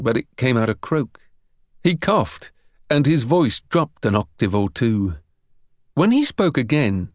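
A male narrator reading a novel aloud, with a mid-pitched voice that rises and falls a great deal. He tells the story expressively. The sound is close and completely dry. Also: no room sound. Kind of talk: audiobook narration.

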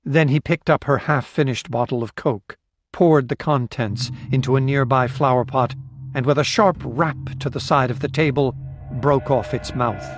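A man narrating an audiobook in steady, measured scripted narration. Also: medium pitch.

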